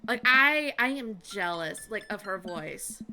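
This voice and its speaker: A woman's voice: mid-range voice, expressive, measured pace. A woman streaming a game live, chatting in a bubbly, rambling way. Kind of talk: live game-playing chat. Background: background music.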